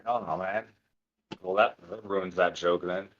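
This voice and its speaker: A man's voice: low-pitched, steady tone, a little slow, fairly bright tone, lo-fi sound. A man co-hosting a podcast over a video call, talking in a laid-back, profane way and laughing easily. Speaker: podcast co-host.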